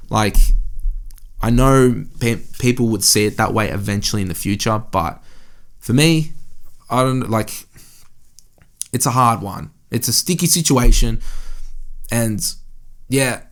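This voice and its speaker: In an indoor room, a young man hosts a solo podcast, rambling candidly and swearing often. His voice sits at medium pitch with a fairly bright tone.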